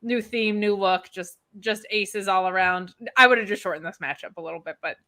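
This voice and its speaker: A woman's voice: mid-range voice, brisk, pushed and bright. A woman guest co-hosting a casual chat, teasing with dry jokes. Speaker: guest co-host.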